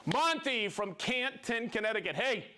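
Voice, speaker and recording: Male stream host, high voice with big swings, cheery shout-outs to viewers. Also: animated, moderate pace, smooth. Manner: upbeat, cheering, chatty asides. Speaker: livestream host.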